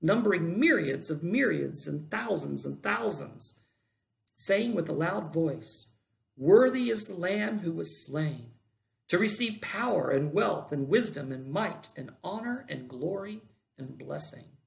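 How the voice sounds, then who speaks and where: Pastor with a gravelly, mid-pitched voice; reads scripture dramatically in a sermon. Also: animated, measured pace.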